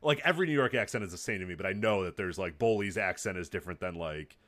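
A man co-hosting a casual podcast, rattling along quickly with loose, filler-heavy sentences. His voice sits a little low for a man. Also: fairly bright tone. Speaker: podcast co-host.

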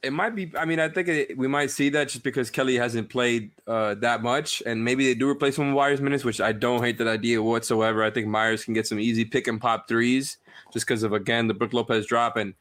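A man's voice: mid-range voice, fairly even intonation, a little fast, a bit bright, no room sound. A man co-hosting a casual sports podcast, analyzing tactics with frequent restarts. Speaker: podcast co-host.

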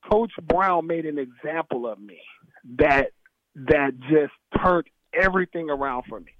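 A man, a former football player, telling stories from his playing days in a casual, animated chat, laughing and acting out his coach. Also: fairly high pitch, no echo. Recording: dry, tinny phone-like sound.

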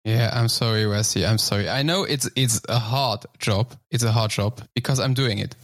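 A man's voice: mid-range voice, fairly bright tone, no room sound, studio quality. Joking co-host man. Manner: joking, halting speech. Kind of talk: casual podcast banter.

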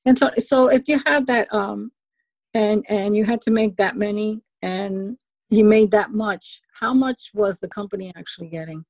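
A woman's voice: medium pitch, moderate pace, a little mellow, no echo, rough recording. A woman with a New York accent, a student asking the teacher questions in a conversational way.

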